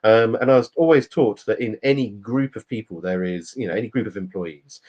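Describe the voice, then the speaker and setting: A man with a lowish voice co-hosts a relaxed podcast conversation. He rambles through his argument, stacking fillers and restarting phrases as he thinks aloud. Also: a little fast, muffled recording. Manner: rambling, explanatory, many fillers. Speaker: podcast co-host. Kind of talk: casual podcast chat.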